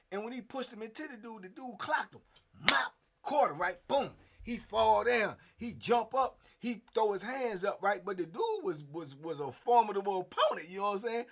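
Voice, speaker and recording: A man in his fifties with a high-pitched voice tells a story in a loose, casual way. He is animated, punching in sound effects and leaning on fillers as he goes. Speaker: host.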